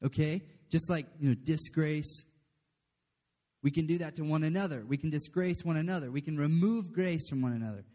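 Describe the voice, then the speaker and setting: A man's voice: fairly high pitch, normal speed, warm tone. A man preaching a casual, chatty sermon, often checking in with the room. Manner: chatty, asks the room "okay?", laughs often. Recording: long hall reverb.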